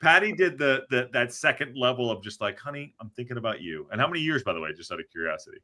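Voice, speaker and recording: Male podcast host, bright and animated, teasing casual banter. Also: medium pitch. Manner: lively, teasing, quick interjections.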